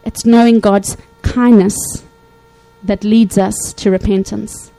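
A woman preaching a sermon to her congregation, animated, acting out Bible quotes and checking in often with her listeners. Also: medium pitch, slow pace, soft background music, low-quality recording. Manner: animated, acts out quotes, frequent "okay?" check-ins.

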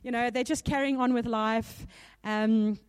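A woman's voice: a little high, fairly even intonation, measured pace, clear, resonant tone. A woman preacher giving a sermon in a conversational way, with small laughs between points, a little nervous. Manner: warm laughing asides, conversational.

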